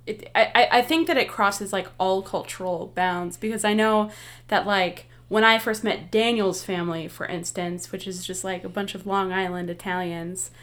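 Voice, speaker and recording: A woman's voice: mid-range voice, steady tone, normal speed, a bit bright. A woman from the American Midwest, a radio guest telling a story in a chatty way, full of filler words. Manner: chatty, with many filler "likes" and laughs. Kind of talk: casual storytelling.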